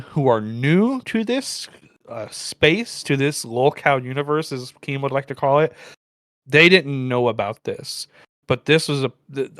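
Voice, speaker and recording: A man chats through a casual commentary show, wandering through his points with lots of fillers and restarts. His voice sits at an ordinary pitch and comes across dry and close to the mic. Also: a bit bright, dry recording. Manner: loose, filler-heavy, rambling. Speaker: co-host.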